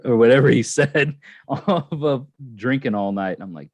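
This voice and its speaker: A man's voice: lowish voice, animated, normal speed, slightly rough, no room sound. A man hosting a casual live stream, telling a long rambling story with many restarts and fillers. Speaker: channel host.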